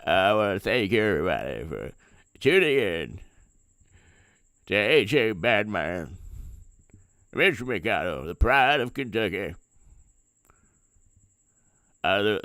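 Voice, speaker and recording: A man doing a comic impression of a slow old male senator who mumbles as if with marbles in his mouth. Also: low voice, big pitch swings, a bit bright, no room sound, studio quality, voice pushed down, full character voice. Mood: mumbling.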